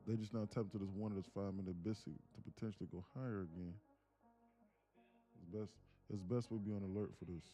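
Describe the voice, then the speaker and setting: A man hosting a live day-trading stream, telling stories in a casual, animated way and muttering about the charts. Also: low voice, fast talker, soft background music. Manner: animated storytelling, acts out quotes, laughs often. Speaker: livestream day trader. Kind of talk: casual livestream chat.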